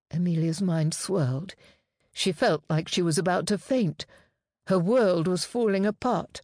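A woman reads a novel aloud in an even, measured way. Her voice is low and steady. The recording is dry and close. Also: dry recording. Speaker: narrator. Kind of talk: scripted audiobook narration.

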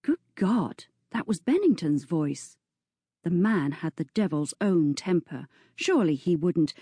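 A woman reading a story aloud as narrator, in a slow, even storytelling manner. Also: fairly low pitch, slightly rough, dry recording, studio quality. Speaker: audiobook narrator. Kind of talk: scripted narration.

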